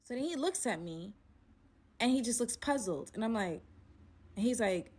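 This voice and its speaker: A woman's voice: a little high, normal speed, breathy edge. A woman telling a personal story in a casual storytime style, acting out the other voices and using a lot of slang. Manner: animated, acts out quotes, slangy.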